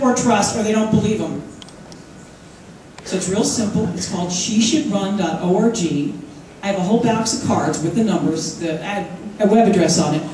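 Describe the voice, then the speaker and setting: A woman in her fifties giving an energetic, joking conference speech, rousing the crowd with call-and-response. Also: fairly high pitch, slight background noise. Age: 50s. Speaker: conference speaker. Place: large conference hall. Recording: echoey hall from far off, faint crowd.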